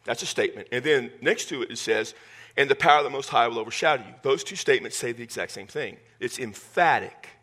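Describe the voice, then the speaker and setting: A man preaching a sermon to his church congregation in a folksy, joking way, with animated delivery. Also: medium pitch, fast talker, slightly rough. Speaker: pastor.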